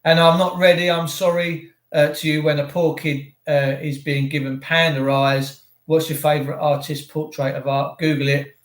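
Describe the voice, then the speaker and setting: In a roomy, echoing recording, a man hosts a livestream and delivers a rambling monologue, sarcastic and full of opinions, chatting with his viewers as he goes. He speaks with a fairly high pitch and level tone at a moderate pace, barely pausing.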